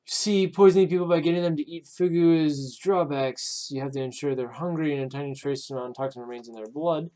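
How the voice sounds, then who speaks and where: A man's voice: a little high, a little fast, hardly any pauses, warm tone, close to an everyday voice. A man reading out the lines of a scheming male villain who gloats over his trapped victim, smug and taunting with small hesitations. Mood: smug gloating. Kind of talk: reading game dialogue aloud.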